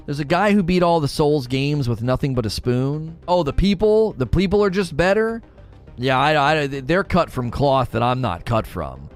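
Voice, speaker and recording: A man chatting casually on a livestream, animated, ranting and laughing often. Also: a little high, normal speed, soft background music. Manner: animated, rants and laughs a lot. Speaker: streamer.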